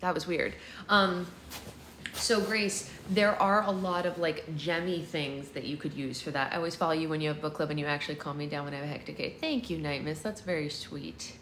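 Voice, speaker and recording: A young woman with a low voice chats casually with her livestream viewers, answering their comments as they come in. She talks in a rambling, playful way and teases herself with mock boasts. A faint hiss sits under her voice. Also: fairly quick, fairly bright tone, reverberant. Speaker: livestream host.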